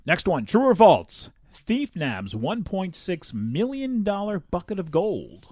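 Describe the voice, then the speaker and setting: Lively, jokey male podcast host. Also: sits high, takes it slowly, dry recording, studio quality. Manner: animated, laughs often, jokey asides. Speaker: podcast co-host reading news stories. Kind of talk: casual chat.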